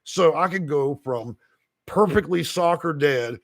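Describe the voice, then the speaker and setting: A man's voice: fairly high pitch, unhurried, vocal fry, no echo. A man, a housing consultant ranting on a livestream and reading the chat, heated and profane with bursts of laughter.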